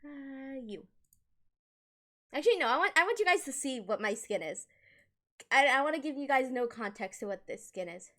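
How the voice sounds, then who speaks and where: A woman's voice: sits high, animated, normal speed, pauses often, fairly bright tone. A woman from Colombia chatting casually with viewers on a livestream, giggling often and talking animatedly with her hands near a desk microphone. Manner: giggly, laughs often between sentences.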